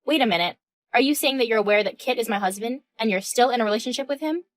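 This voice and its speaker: A woman in her thirties voices a composed, indignant wife in a text-message story, firm and questioning. She talks fast with a high, expressive voice and a light touch of acting.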